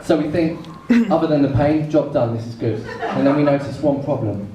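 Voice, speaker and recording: A man doing a stand-up comedy set on a club stage, telling a story with comic pauses. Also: a little high, dull audio. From England. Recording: echoey room, mic far off, noisy.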